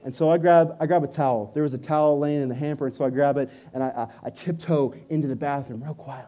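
A somewhat high-pitched man preaching to a congregation. He tells stories with animated energy and shouts out his own exclamations. He sounds like he is in his thirties. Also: fast, few pauses. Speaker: pastor. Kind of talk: sermon.

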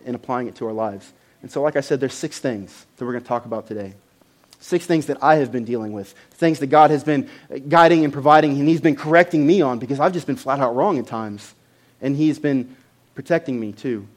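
A man preaching a sermon to a congregation, conversational, with loud emphatic bursts and frequent repeated words. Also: medium pitch. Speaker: pastor.

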